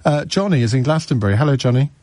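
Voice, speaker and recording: A man's voice: mid-range voice, lively intonation, fast, a little mellow, no echo. A male radio host chatting with callers on a phone-in show. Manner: conversational, takes calls. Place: radio studio.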